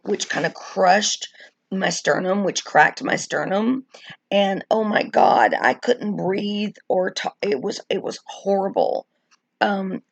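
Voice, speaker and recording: A middle-aged woman live-streams while reading viewer comments, rambling chattily about her wrestling memories with lots of likes and ums. Her voice is medium-pitched and gravelly, with no room sound.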